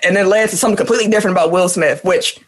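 A woman's voice: on the low side, racing. A woman co-hosting a casual chat, talking emphatically and repeating herself for effect. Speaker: podcast co-host.

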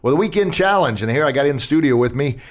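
A man's voice: medium pitch, animated, quick pace. A middle-aged man hosting a podcast from a studio, talking casually and upbeat, laughing at his own slips. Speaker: podcast host. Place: recording studio.

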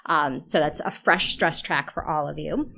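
A woman running a tabletop horror game as game master, narrating scenes and rules with halting restarts. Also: low-pitched, creaky, sharp tone. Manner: hesitant, restarting phrases, explanatory.

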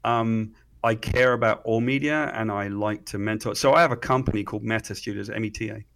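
A middle-aged man, an interview guest telling stories excitedly, swearing freely and often restarting his sentences. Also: fairly low pitch, brisk, vocal fry. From Britain. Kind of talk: animated storytelling in conversation.

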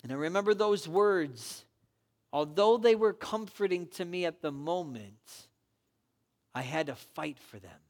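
A man preaching a sermon, retelling a story and urging his listeners on in an earnest, exhortative way. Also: fairly high pitch. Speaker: pastor.

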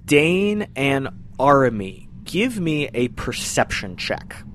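A man in a mid-range voice narrates a tabletop game as its game master. He talks slowly and descriptively, with some fillers, over a faint background hiss. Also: mid-range voice, sing-song, fairly bright tone.

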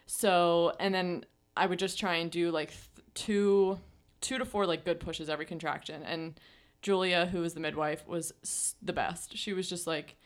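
A young woman telling a story in a relaxed chat, full of fillers and frequent laughs. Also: fairly low pitch, normal speed. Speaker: podcast co-host.

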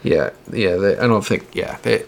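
A man's voice: low voice, moderate pace, vocal fry. Man casually running down a list. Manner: relaxed, reads through a list with fillers. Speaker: podcast host. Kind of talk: casual sports chat.

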